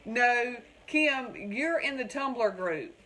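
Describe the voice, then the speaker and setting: A woman's voice: a little high, lively intonation, drawn-out words, bright, forceful tone, rough recording. A woman from North Carolina with a Southern accent, rambling in a casual live stream from home and reading out viewers' comments. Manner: chatty, rambling, keeps calling viewers "y'all" and reading out their comments. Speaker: crafting livestream host.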